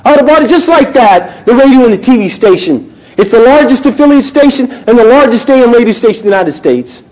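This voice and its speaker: High-voiced, fired-up preacher in his thirties. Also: lively intonation, brisk, rough recording. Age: 30s. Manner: impassioned, swinging between loud urgency and hushed intensity. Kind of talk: sermon.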